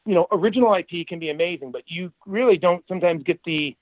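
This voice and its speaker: A man's voice: high-pitched, quick pace, no room sound, phone-quality sound. A man telling entertainment business stories in a casual podcast chat, acting out quotes as he goes. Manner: animated anecdote teller, acts out quotes. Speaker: guest, entertainment executive.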